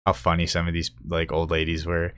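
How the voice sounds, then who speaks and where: A man's voice: low-pitched, monotone, a little fast, clean tone, dry recording, studio quality. Profane young man rambling a story. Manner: profane, rambling, laughs at his own stories. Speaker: podcast host. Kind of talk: casual storytelling.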